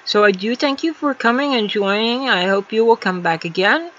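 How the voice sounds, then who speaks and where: A woman's voice: fairly high pitch, moderate pace, fairly bright tone, a little hiss or hum. A woman hosting a casual livestream from a room at home, rambling along with many fillers and restarts. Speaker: livestream host. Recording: slightly dull lo-fi home stream audio.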